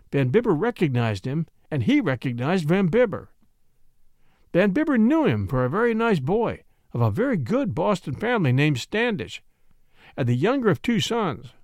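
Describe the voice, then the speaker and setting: A man reading a classic story aloud as narrator, in an expressive storytelling manner. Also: high-pitched, no room sound, clean studio sound. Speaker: audiobook reader. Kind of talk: scripted narration.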